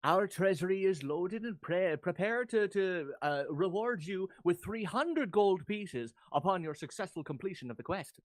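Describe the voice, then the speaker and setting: A man voicing a hearty male town mayor in a put-on Irish accent, booming and calling the adventurers lads. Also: animated, normal speed, hardly any pauses, no echo. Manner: boisterous, calls them lads.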